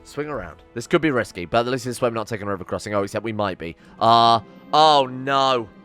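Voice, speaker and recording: A man's voice: fairly low pitch, lively intonation, rapid-fire, faint music behind. A young man giving casual, exasperated game commentary, swearing and ranting theatrically. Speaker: game streamer.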